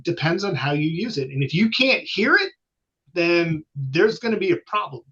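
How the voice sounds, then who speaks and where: Man with a higher voice, dull lo-fi sound. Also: big pitch swings, normal speed, fairly bright tone. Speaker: children's author. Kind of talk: casual conversation. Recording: dull lo-fi audio.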